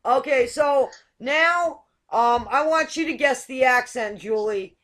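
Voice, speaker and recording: A woman's voice: high-pitched, takes it slowly, fairly bright tone. A woman hosting a casual game-show chat over a video call, playful and teasing. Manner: playful, teasing, laughing often. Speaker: talk show host.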